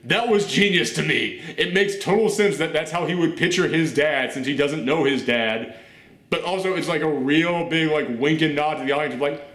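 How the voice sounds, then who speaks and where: A man reviewing a TV show on his channel, talking in an animated, rambling way and nearly shouting with enthusiasm. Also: a little high, normal speed. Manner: animated, near-shouting, gushing. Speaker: YouTube reviewer. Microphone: camera mic. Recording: roomy echo.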